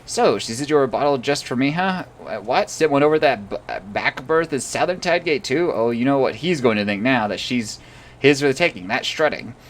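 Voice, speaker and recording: A man's voice: medium pitch, expressive, brisk, pitched above the performer's own voice, close to an everyday voice. A man voicing an indignant, jealous male sailor who sputters as he reads the game dialogue aloud.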